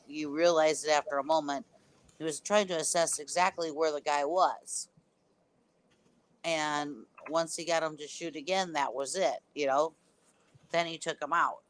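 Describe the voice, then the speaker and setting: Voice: mid-range voice, a bit bright, clean tone. A co-host in a casual movie discussion podcast, firmly explaining plot points.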